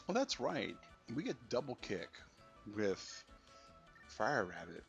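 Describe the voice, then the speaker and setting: A man's voice: mid-range voice, huge pitch swings, takes it slowly, gravelly, fairly bright tone. A man streaming a game, chatting casually and reading out viewer comments. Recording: dull lo-fi stream audio with faint music.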